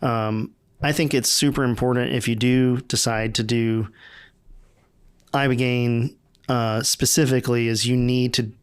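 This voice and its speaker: A man in casual podcast conversation, talking in a relaxed, halting way with many fillers and restarts. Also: mid-range voice, smooth. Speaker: podcast guest.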